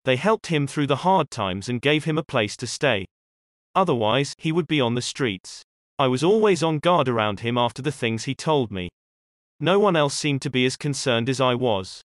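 A man reading posted first-person stories aloud as a narrator, in a steady, even storytelling manner. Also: mid-range voice, moderate pace, no echo, studio quality. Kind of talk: scripted narration.

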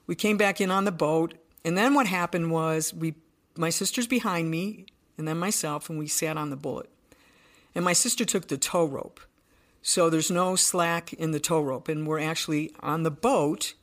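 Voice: medium pitch, fairly bright tone. A podcast guest telling a personal story in earnest detail, often restarting sentences.

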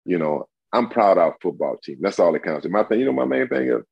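A very deep, gravelly man in his sixties talks through a dull, lo-fi remote line. His speech swings widely in pitch as he tells stories, with a husky edge. The sound is dry, with no room behind him. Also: fast, dry recording. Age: 60s. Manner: animated storyteller, acts out quotes in a high voice. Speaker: guest, retired football player. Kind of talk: casual interview.

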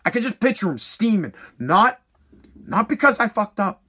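A middle-aged man doing stand-up comedy with a high-pitched voice. His tone is bright and cutting, and he talks in quick, profane bursts. He keeps breaking off into asides and acted-out quotes. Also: big pitch swings, husky. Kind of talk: stand-up storytelling.

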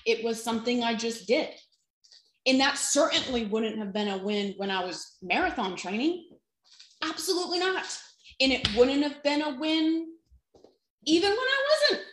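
A woman's voice: on the high side, echoey room, rough recording. A woman fitness trainer giving an earnest, encouraging faith-based talk to camera, with self-deprecating asides.

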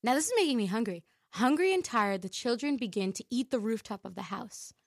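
A woman's voice: on the high side, animated, a little fast, dry recording, studio quality. A woman co-hosting a radio show, chatting playfully with a laugh and reading a story aloud. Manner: giggly, playful. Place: radio studio.

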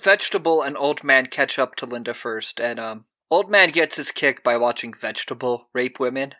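A man's voice: medium pitch, moderate pace, bright, forceful tone, no room sound. A young man co-hosting a podcast, retelling a film's plot in casual chat and acting out the characters' lines. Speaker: podcast co-host. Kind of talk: casual movie recap chat.

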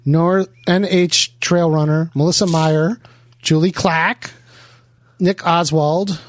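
A man's voice: on the high side, fairly even intonation. A man co-hosting a podcast, reading a long list of listener names with crude jokes and casual swearing. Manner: rapid name-listing, joking, swears often. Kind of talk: casual banter.

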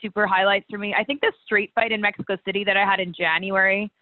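A woman wrestler in a casual interview, telling stories with lively quoted voices and frequent laughter. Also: medium pitch, fast, no room sound. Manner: animated storyteller, acts out quotes, laughs often. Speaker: guest, pro wrestler. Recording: tinny phone-like line.

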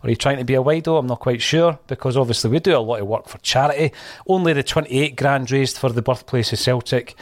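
A man's voice: medium pitch, fast talker, dry recording. A man with a Scottish accent hosting a football podcast, reading viewer comments in a chatty, jokey way. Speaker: podcast host. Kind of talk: casual live-stream chat.

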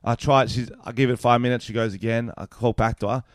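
A man's voice: medium pitch, steady tone, brisk, no room sound, studio quality. A young Australian man, a stand-up comedian, telling a story in casual podcast chat, swearing a lot and acting out both sides of the exchange.

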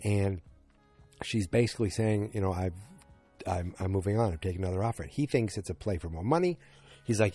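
A man's voice: sits low, a little fast, dark tone, soft background music. A man casually recapping a TV episode as a podcast host, rambling with many fillers and restarts.

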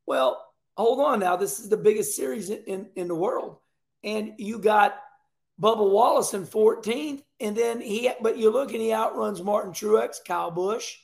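A man's voice: high-pitched, creaky, echoey room. A man, hosting his own racing commentary show in a casual, folksy way, repeating himself and laughing often.

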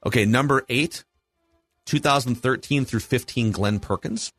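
A man's voice: medium pitch, normal speed, fairly bright tone, no echo, faint music behind. A man in his forties with a Minnesota accent, hosting a casual sports podcast and eagerly running through rankings. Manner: enthusiastic, lists rankings. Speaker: podcast host.

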